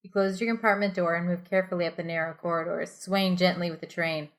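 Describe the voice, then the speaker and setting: A woman's voice: on the low side, steady tone, fast talker. A woman co-hosting a podcast, reading an adventure story aloud in a casual, playful way and often slipping into giggles. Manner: giggly, playful, breaks into laughter mid-sentence. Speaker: podcast co-host reading a choose-your-own-adventure story. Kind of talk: casual read-aloud narration.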